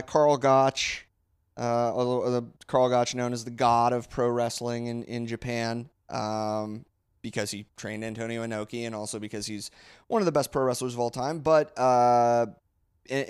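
A man's voice: medium pitch, steady tone, measured pace, clear, resonant tone, no echo, studio quality. A man co-hosting a casual podcast, explaining history in a rambling way with many fillers and restarts. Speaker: podcast co-host. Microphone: close podcast mic.

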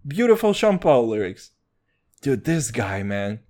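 A young man hosting a podcast, talking in a loose, excitable rush and swearing freely. His pitch leaps up and down all the time, and he keeps saying "dude". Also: unhurried. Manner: excitable, profane, says "dude" constantly. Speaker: podcast host. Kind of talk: casual chat.

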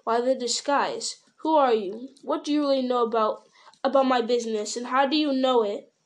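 A woman voicing a wary young male hobbit, speaking slowly and questioningly in an audiobook reading. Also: a little high, lightly acted. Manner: slow, questioning, deliberate.

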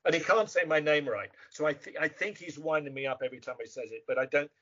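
A man with an English accent chatting as a guest in an interview, animated and imitating other voices as he tells stories. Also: a little high, quick pace. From England. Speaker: guest actor. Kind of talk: casual interview chat. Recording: muffled lo-fi remote audio.

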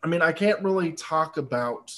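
A man's voice: fairly high pitch, lively intonation, normal speed, fairly bright tone. A man co-hosting a casual movie podcast, rambling and joking, swearing freely. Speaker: podcast co-host.

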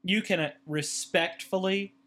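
A podcast host talking in a lively, encouraging way in a casual chat. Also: mid-range voice, a little slow, slight background noise.

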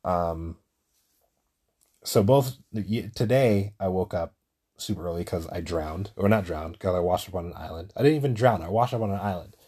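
Guy talking to himself on his own show, low husky voice, swears a lot, goes all over the place. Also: moderate pace. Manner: rambling, profane storytelling; gets loud and high-pitched when excited. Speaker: podcast host. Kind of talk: casual solo monologue.

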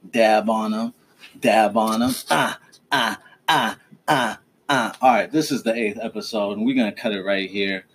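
A man's voice: fairly low pitch, measured pace, a bit bright, a little hiss or hum. A man hosting a casual home podcast with his child, teasing and lecturing in a fatherly way. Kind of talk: casual family chat.

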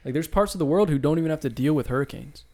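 A young man co-hosting a podcast in casual chat, loose and animated, throwing "dude" into most sentences. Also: fairly high pitch, rapid-fire. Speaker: podcast co-host.

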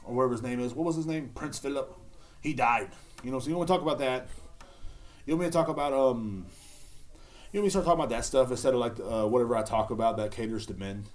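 A man's voice: medium pitch, quick pace. A man, hosting a podcast in a casual, profane, rambling monologue. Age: 30s. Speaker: podcast host.

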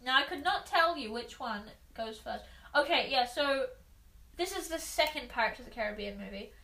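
A woman's voice: high-pitched, expressive, normal speed, creaky, bright, forceful tone. A woman hosting a casual vlog, chatting in a giggly, rambling, playful way. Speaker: vlog host. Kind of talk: casual chat.

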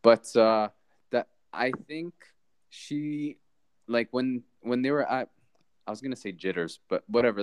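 A man co-hosting a podcast in casual chat, expressive and quick to say "bro". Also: mid-range voice, smooth. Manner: expressive, says "bro" and "oh my God" a lot. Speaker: podcast co-host.

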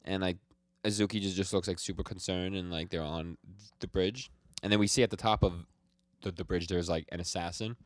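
A young man co-hosting a podcast, casually retelling comic chapters with an animated, stumbling delivery. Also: deep voice, brisk, dry recording, studio quality. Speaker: podcast co-host. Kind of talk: casual chat recapping comics.

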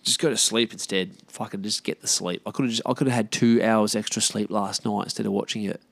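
An Australian man hosts a solo podcast, chatting casually in a blunt, sweary, rambling way. His voice sits on the low side with fairly even intonation, a brisk pace, and vocal fry, and there's no echo.

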